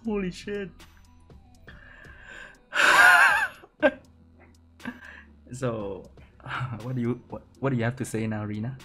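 A man's voice: medium pitch, big pitch swings, moderate pace, darkish tone, soft background music. A man live-streaming a game, shrieking, laughing and swearing in disbelief. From Southeast Asia. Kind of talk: excited live gaming stream.

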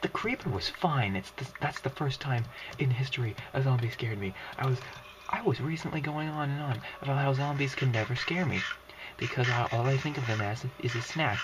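Excitable man in a noisy let's play. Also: medium pitch. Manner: excitable, jumps between shouting and hushed whisper-yelling; swears and jokes to himself. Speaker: gaming commentator. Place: home while others sleep.

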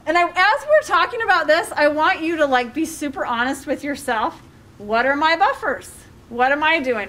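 High-voiced woman coaching a group. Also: fairly bright tone. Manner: conversational, many fillers, questions to the audience. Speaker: life coach. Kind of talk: workshop talk to a group.

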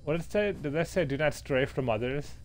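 A man's voice: fairly high pitch, brisk. A man hosting a gaming video, talking through the game with lots of startled exclamations. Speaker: gaming channel host. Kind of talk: casual gameplay commentary.

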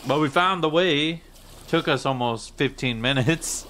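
A man's voice: a little high, measured pace, fairly bright tone, a little hiss or hum. A man in his twenties muttering uneasy reactions as he plays through a game and comments on it. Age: 20s. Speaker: gaming YouTuber. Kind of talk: gameplay commentary.

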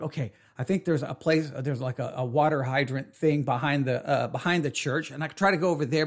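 A man with a high voice recounts a mishap in a casual, animated way. He stammers and restarts often and jumps up into his own panicked outbursts as he acts them out. He sounds middle-aged. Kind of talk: casual storytelling.

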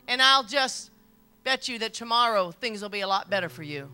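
High, bright-voiced woman preaching. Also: expressive, moderate pace, clear, resonant tone, faint music behind. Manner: emphatic storytelling preacher, repeats phrases, laughs along. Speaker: pastor. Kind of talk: sermon. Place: church service.

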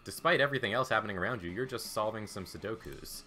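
A man's voice: on the low side, expressive, fast, pushed and bright. A young man streaming a video game, reading its text aloud with wry asides over game music.

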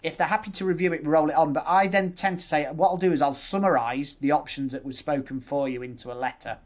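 He's a West Yorkshire dentist talking as a guest in a laid-back interview, his voice on the high side, steady in tone, and quick. Step by step, he goes through his practical methods, patient scripts included.

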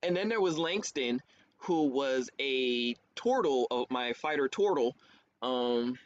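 A man, a theater actor, chatting as a guest in a casual interview, animated, laughing often and jumping up in pitch for quoted voices. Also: slow. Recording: dull lo-fi stream audio with faint hiss.

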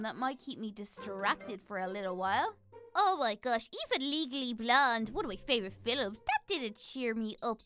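A woman's voice: high voice, sharp tone. A woman voicing a young girl in a game role-play who frets and hesitates as she talks to the viewers. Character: young girl, anxious before getting braces. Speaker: Minecraft role-play character. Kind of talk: role-play vlog narration.

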